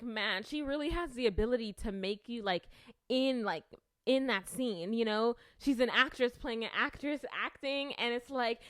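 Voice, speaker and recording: Her voice is on the high side, smooth and fairly bright, with no room sound. She's a young video creator rambling casually through her thoughts, self-conscious and filler-heavy, frequently starting sentences over.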